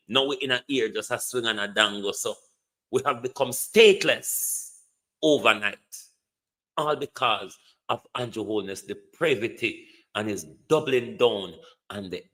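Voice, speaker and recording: A man's voice: mid-range voice, a little slow, a bit bright, low-quality recording. A Jamaican man hosting a livestream, delivering a scornful, emphatic political rant and repeating his insults. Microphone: streaming setup.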